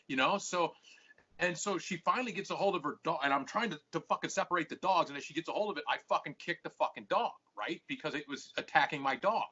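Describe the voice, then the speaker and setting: A man's voice: a little high, lively intonation, fast, sharp tone, husky. A man hosting a podcast, telling a rambling story full of swearing and acting out both sides of each argument. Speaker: podcast host. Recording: muffled lo-fi podcast audio.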